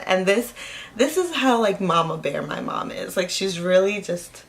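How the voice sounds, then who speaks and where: A woman's voice: mid-range voice, expressive, takes it slowly, vocal fry. A woman telling a personal story in a casual vlog, rambling, with lots of "like" fillers. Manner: rambling, heavy use of "like" fillers. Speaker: vlogger.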